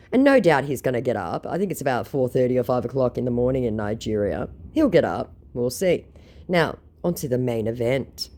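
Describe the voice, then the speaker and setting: A woman's voice: rumbling low, expressive, fairly quick, a little mellow. A woman narrating as a scambaiter, reading chat logs aloud in a sarcastic, mocking way.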